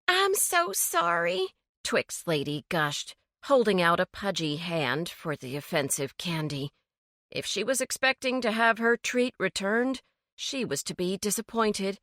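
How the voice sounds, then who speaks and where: Slow, bright-voiced woman narrating. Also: on the low side, no echo, studio quality. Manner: slow, measured storytelling. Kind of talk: audiobook narration.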